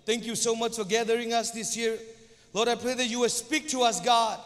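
A man's voice: extremely high pitch, little pitch movement, a little fast, a bit bright, in a large hall. A young man whose first language is Zomi, preaching as guest pastor in English, hesitant, with many stumbles and restarts. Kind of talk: church sermon.

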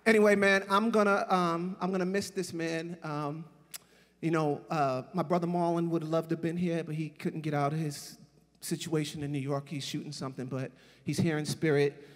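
Man, forties, comic eulogy speaker, high husky voice, echoing memorial hall. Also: moderate pace. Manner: casual, laughing, animated storytelling.

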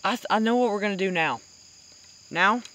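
A hunting vlogger stalks through the woods, chatting to viewers and sometimes whispering, while crickets and insects fill the outdoor background. His mid-range voice is fairly quick and sharp in tone, and the audio is poor.

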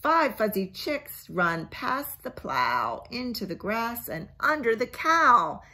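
Bright sing-song lady librarian doing bedtime story time, voice going way up and down, soft and gentle. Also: fairly high pitch, very animated, slow pace. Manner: gentle, coaxing, asks children questions; drops to a hushed near-whisper. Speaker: children's librarian. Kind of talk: bedtime picture-book read-aloud.

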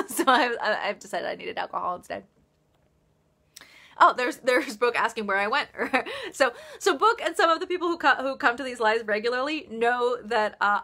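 Woman, bright voice, casual rambling host, frequent laughs. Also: on the high side, gravelly. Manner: chatty and rambling, laughs often, many fillers. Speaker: author hosting a livestream. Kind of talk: casual livestream chat.

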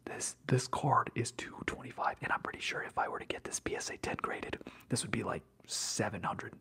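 A young man whispering through an ASMR livestream while opening trading card packs, slangy and excitable, bursting into loud hype now and then. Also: lowish voice, brisk, gravelly, slightly rough. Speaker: ASMR streamer.

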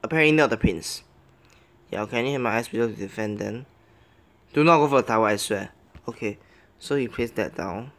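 A young man giving live gameplay commentary, excitable, muttering his plans, then pleading and yelping as matches turn. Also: lowish voice, fairly quick, pauses often. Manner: excitable, swings between muttering plans and loud yelps; pleads and begs at the game. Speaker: game commentator.

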